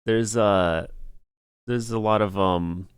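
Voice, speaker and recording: A man's voice: on the low side, steady tone, slow, clear, resonant tone, no echo, studio quality. A young man hosting a casual livestream podcast, rambling and laughing often. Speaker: podcast host.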